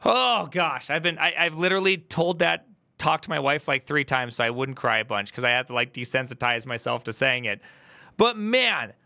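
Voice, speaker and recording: A man's voice: medium pitch, steady tone, fairly quick, vocal fry, sharp tone. A male streamer telling an emotional, earnest story to his chat, holding back tears. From United States. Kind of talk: casual livestream chat.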